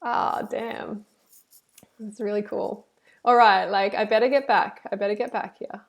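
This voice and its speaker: A woman reacting to a video and reading her live chat, animated and preachy, full of "like" and "you know". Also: medium pitch, unhurried, gravelly. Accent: Australian. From Australia.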